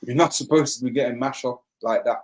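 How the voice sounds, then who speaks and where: A man's voice: steady tone, fairly quick. A man on a casual panel chat. His voice sits in the middle range for a man. He teases the host in a laid-back way and laughs a lot. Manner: teasing, laughs often, low-key.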